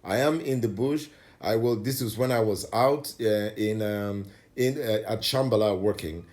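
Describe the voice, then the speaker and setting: A man's voice: fairly low pitch, normal speed, darkish tone. Defensive man commenting on clips.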